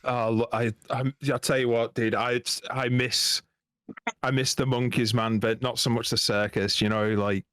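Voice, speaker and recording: A man's voice: medium pitch, level tone, normal speed, a bit bright, clear, resonant tone, dry recording, clean studio sound. A man, a podcast guest, telling sweary, self-mocking army stories in casual chat.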